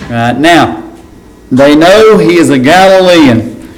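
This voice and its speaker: Pastor asking "right?" often. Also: male voice, fairly high pitch, lively intonation, slow pace, rough recording. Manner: conversational, often asks "right?". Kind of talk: Bible study teaching.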